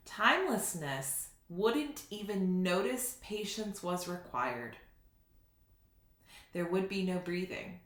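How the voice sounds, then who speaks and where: A woman speaks in a slightly low but bright, forceful voice. She gives a spiritual teaching in an unhurried, reflective way and laughs at her own slips. The sound carries a roomy echo. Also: sing-song. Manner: slow, reflective, laughs at herself.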